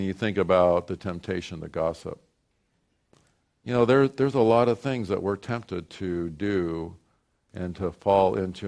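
A male pastor preaching a sermon, swinging from quiet reflective talk to loud, high, animated passages where he acts out imagined prayers. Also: creaky.

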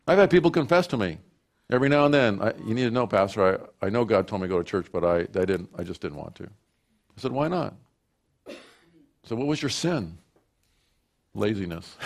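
A man preaching a sermon from the pulpit. His voice sits at a middle pitch but swings widely, dropping low and quiet, then climbing high and loud when he acts out imagined prayers. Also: expressive, moderate pace, long pauses. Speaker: pastor.

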